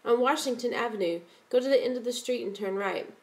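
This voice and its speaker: Wary, polite schoolboy, read by a woman; short careful answers in a raised, brighter voice. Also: a little high, fast talker, lightly acted. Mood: cautious. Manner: guarded, brief answers.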